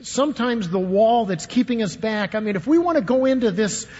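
A man's voice: high-pitched, expressive, a little fast, a little mellow. An older man preaching a sermon, telling a personal story and putting questions to his congregation. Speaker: pastor. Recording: dull, long echo of a large hall.

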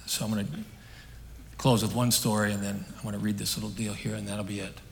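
A man preaching a sermon on a stage, telling a story in an earnest, conversational way that swings between emphatic and hushed. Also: lowish voice, little pitch movement, fast talker, vocal fry, a little hiss or hum. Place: stage in a large hall. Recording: long hall reverb.

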